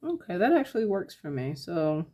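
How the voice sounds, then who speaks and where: A woman giving a casual step-by-step painting tutorial, talking her process through in a relaxed, thinking-aloud way with lots of fillers. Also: fairly low pitch, moderate pace. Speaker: painting instructor.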